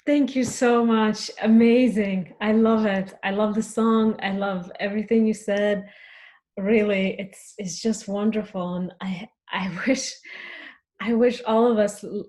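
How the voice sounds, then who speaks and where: A woman's voice: medium pitch, fairly even intonation, a little slow, mellow. A woman hosting an interview who gushes with praise and stumbles over her words. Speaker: host.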